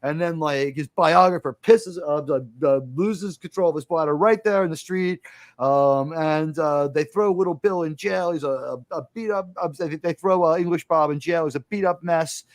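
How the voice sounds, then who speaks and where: A man with a slightly higher than usual voice chats on a podcast, walking through movie scenes in an animated, rambling way. He stumbles, restarts and fills gaps with "uh" and "you know." The sound is dry and close, with no room around it. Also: moderate pace, dry recording. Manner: animated storytelling, acting out movie lines; rambling with frequent fillers and restarts. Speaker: podcast host. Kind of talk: casual film discussion.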